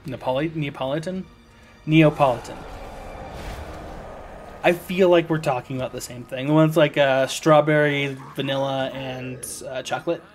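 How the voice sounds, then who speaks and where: A man's voice: medium pitch, fairly even intonation, moderate pace, few pauses, faint music behind. An American man casually rambling to viewers while streaming a video game, often correcting himself mid-sentence. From United States.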